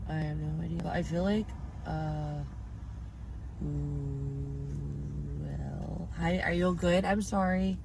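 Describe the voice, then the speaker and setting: A woman's voice: deep voice, vocal fry. Rambling woman streaming over traffic noise. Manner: rambling, talking to her dog. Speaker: livestreamer. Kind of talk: casual livestream chat.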